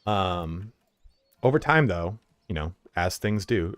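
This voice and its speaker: A man's voice: sits low, expressive, takes it slowly, fairly bright tone, clean tone, no room sound. A young man streaming from home, chatting casually and telling rambling stories with lots of swearing and filler words. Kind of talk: casual livestream chat.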